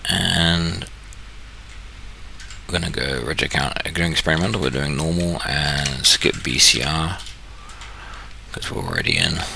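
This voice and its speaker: Very deep, gravelly man thinking aloud. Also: lively intonation, measured pace, long pauses, pushed and bright, slight background noise. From New Zealand. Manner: thinking aloud, self-correcting, jokey. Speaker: trading channel host. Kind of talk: casual screen-share walkthrough.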